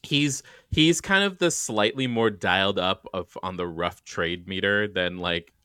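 Lowish-voiced guy rambling and giggling, bright tone, dry mic. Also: unhurried, clear, resonant tone, no echo. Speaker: podcast co-host. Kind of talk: casual chat.

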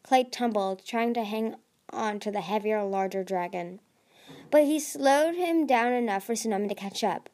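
A woman's voice: mid-range voice, normal speed, a little mellow. A woman reading a dragon fantasy novel aloud as an amateur narrator, with frequent slips and restarts.

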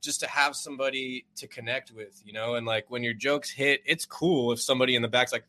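A man with a bright, forceful voice talking loosely on a podcast, piling up filler words and breaking into laughs as he goes. He co-hosts and books comedy nights. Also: medium pitch, steady tone, brisk. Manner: rambling, laughs often, heavy filler words. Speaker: comedy show producer and co-host. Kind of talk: casual podcast chat.

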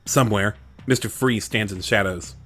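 Bright-voiced male game master. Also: on the low side. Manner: halting, full of fillers and restarts. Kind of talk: narrating a tabletop game.

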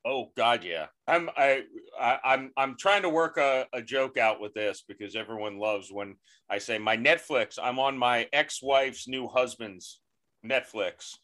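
A male comedian guest on a podcast, rambling in a self-deprecating way with halting restarts. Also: mid-range voice, pushed and bright. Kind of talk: casual comedy podcast chat.

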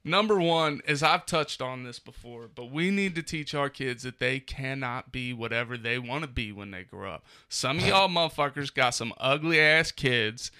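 A man's voice: mid-range voice, normal speed, hardly any pauses, bright, forceful tone, smooth. A man co-hosting a podcast, ranting profanely in a mock-angry way about raising his kids. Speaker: podcast co-host. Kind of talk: crude comedic podcast chat. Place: studio.

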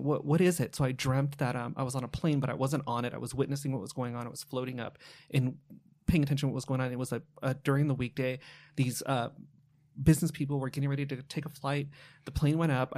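A man in casual podcast chat, recounting his dreams in a rapid, animated way with frequent restarts and blunt swearing. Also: medium pitch.

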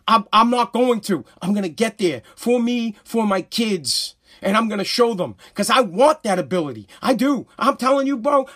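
Male podcast host, 30s, American, high-pitched, heated profane ranter. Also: breathy edge. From United States. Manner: heated, profane, repetitive ranting; shouts at peaks, stumbles and restarts. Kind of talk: ranting live-stream podcast monologue.

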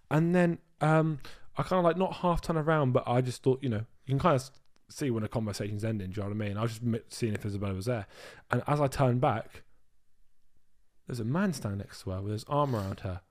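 A young English man, a podcast co-host, telling stories in casual chat, animated and full of swearing. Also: mid-range voice, fast. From England.

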